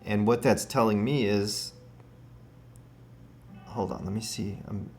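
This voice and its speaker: A man with a low voice leads a spirit-box session. He talks earnestly and gently, calling out names slowly as though waiting for an answer. Faint music sits under his voice. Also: steady tone. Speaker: paranormal researcher hosting a session.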